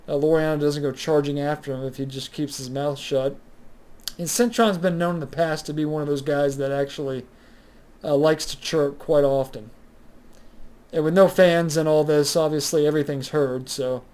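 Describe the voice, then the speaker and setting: A man's voice: on the high side, fairly even intonation, moderate pace, darkish tone. A young man talking casually on his own about a recent game, rambling with many fillers and restarts. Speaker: sports recap host. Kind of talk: casual solo sports commentary.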